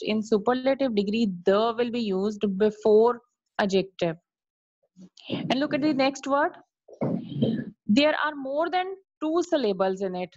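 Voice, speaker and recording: A woman teacher giving an online grammar lesson, explaining slowly and repeatedly asking if it is clear. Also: on the high side, a little mellow, no room sound. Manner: slow, repetitive explaining, checking in with "clear?". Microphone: video call. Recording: dull lo-fi video call audio.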